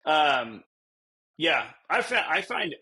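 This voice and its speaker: Rambling husky-voiced man, podcast co-host. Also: a little high, big pitch swings, slow, pushed and bright. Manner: rambling, self-deprecating, laughs often. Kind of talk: casual chat.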